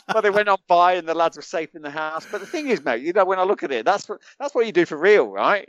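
A British man, a former soldier and podcast guest, telling animated stories in casual chat, chuckling and restarting his sentences. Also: sits high, a little fast, pauses often, dry recording. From United Kingdom. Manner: animated anecdotes, chuckles often, many restarts. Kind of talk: casual storytelling.

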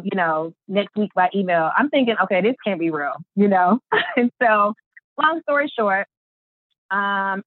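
Woman, mid-pitch, lively storyteller who voices every quote; dry, phone-narrow recording. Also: no echo. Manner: lively, acts out quotes with big pitch jumps, many fillers. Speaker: artist and business founder, interview guest. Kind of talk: animated storytelling in an interview.

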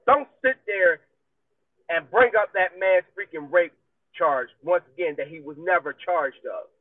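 High-voiced man ranting with a country twang. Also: measured pace, dry recording. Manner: emphatic, profane, repetitive ranting. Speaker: podcast host. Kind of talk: heated solo commentary. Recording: dry, tinny phone-like audio.

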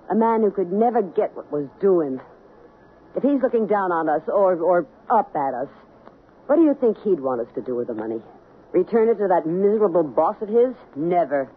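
A woman's voice: on the low side, slightly rough. An actress playing a cold, scheming woman who wants to keep stolen money, in a 1970s radio drama. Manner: hard and dismissive, then coaxing. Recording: narrow, phone-like old radio broadcast.

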